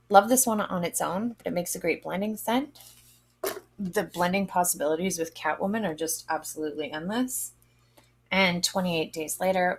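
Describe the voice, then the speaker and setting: A woman vlogger giving a casual, chatty product review, lively and expressive with drawn-out exclamations. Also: lowish voice, gravelly, husky. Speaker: vlogger reviewing wax melts.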